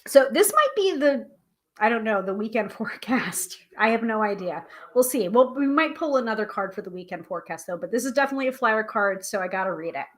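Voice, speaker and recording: A woman hosting a live tarot stream, chatting casually and reading aloud from a guidebook, self-deprecating and a little halting over hard names. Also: fairly high pitch, lively intonation. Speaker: tarot reader and livestream host.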